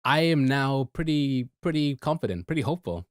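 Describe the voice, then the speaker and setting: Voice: mid-range voice, expressive, a little fast, no echo, studio quality. A co-host on a casual gaming podcast, playful and a little hesitant, laughing along.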